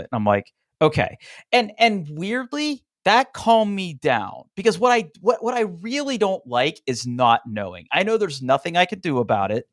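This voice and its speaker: A man co-hosting a relaxed podcast, telling an animated story in a medium-pitched voice. He fills his sentences with casual fillers and acts out the dialogue of the people in his story. The recording is dry and close, with no room sound. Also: moderate pace, no room sound. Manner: frequent "like" fillers and restarts. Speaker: podcast co-host. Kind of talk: casual chat.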